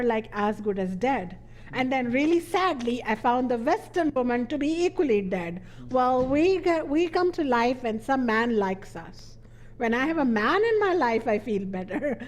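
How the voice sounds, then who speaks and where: A middle-aged woman from India giving a spiritual teaching talk, playful and animated, laughing often and jumping up in pitch to stress a point.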